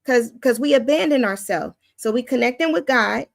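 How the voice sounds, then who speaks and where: A woman's voice: fairly high pitch, lively intonation, moderate pace, gravelly, no room sound, clean studio sound. Casual, plain-spoken woman teaching. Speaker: Christian teacher and host.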